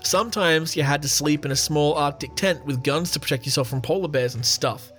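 A man putting on a gruff impression of an actor, which slides into a pirate voice. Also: fairly high pitch, fairly bright tone, soft background music, natural voice. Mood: mock-gruff. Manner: gruff, drawn-out delivery.

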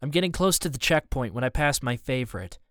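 A man giving first-person scripted audiobook narration in an even, measured way. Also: mid-range voice, dry recording, clean studio sound.

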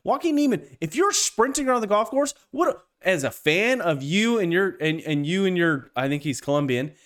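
A man co-hosting a golf podcast, telling a story in casual chat with heavy swearing and animated delivery. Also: high voice, moderate pace. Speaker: podcast co-host.

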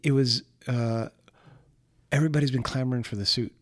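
A man's voice: medium pitch, a little fast. A man co-hosting a podcast, chatting casually and swearing freely, acting out quotes as he tells stories. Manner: animated, profane, acts out quotes. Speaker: podcast co-host. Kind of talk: casual chat.

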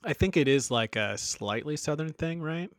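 A man's voice: on the high side, lively intonation, normal speed, no room sound, clean studio sound. A man co-hosting a podcast, chatting casually with wry, sarcastic remarks. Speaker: podcast co-host. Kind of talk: casual chat.

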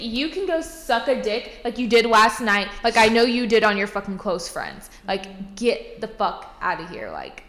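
A woman's voice: fairly high pitch, very animated, moderate pace, hardly any pauses, a bit bright. A woman co-hosting a podcast in casual chat, blunt and profane, ranting with heavy swearing. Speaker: podcast co-host. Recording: echoey room.

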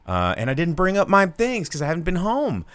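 Smooth-voiced man chatting casually. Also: a little high, wildly swooping pitch, brisk, a bit bright. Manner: jokey, puts on mock voices. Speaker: podcast co-host. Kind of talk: casual chat.

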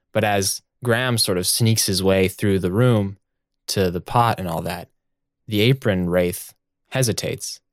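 A game master narrating scenes of a tabletop role-playing game in a measured storytelling way. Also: sits low, no echo, clean studio sound.

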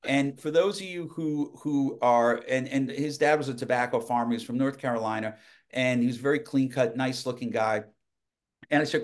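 A man's voice: mid-range voice, moderate pace. Guy telling old work stories, chatty, restarts a lot, regular mid voice. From United States. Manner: lively anecdotes, many restarts. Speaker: podcast guest. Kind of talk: casual storytelling.

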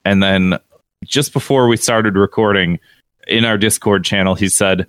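A man's voice: lowish voice, steady tone, normal speed, a bit bright, clean tone, no echo. A man co-hosting a podcast, telling blunt, crude jokes. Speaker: podcast co-host. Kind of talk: casual podcast chat.

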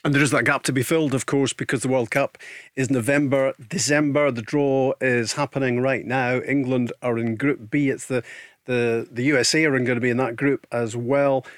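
Steady male sports radio host. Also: medium pitch, moderate pace, dry recording, clean studio sound. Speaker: radio football show host. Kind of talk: studio sports chat and draw updates. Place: radio studio. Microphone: studio microphone.

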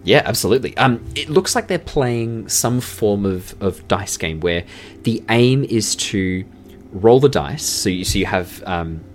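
A man's voice: fairly low pitch, expressive, a little slow. A man running a tabletop role-playing game as dungeon master, describing scenes with many fillers. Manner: rambling, filler-heavy description.

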